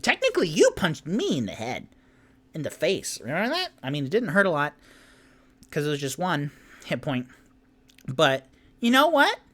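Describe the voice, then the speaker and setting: A man doing a tiny, squeaky, cocky little adventurer. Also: wildly swooping pitch, moderate pace, long pauses, fairly bright tone, heavily acted. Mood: sassy.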